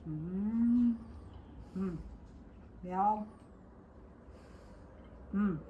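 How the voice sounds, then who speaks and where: An older woman with a drawl shows off a dish in her home kitchen, talking to viewers in a homey, chatty way. Her voice sits in a middle pitch, with a faint clatter of dishes behind her. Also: extremely slow, narrow, tinny audio, a little hiss or hum. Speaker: cooking show host. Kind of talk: casual home cooking demo.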